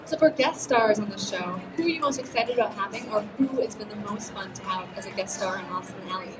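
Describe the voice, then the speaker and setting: A woman hosting a live stage interview. She asks questions in an upbeat, quick way. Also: mid-range voice. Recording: distant mic with loud music behind. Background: music.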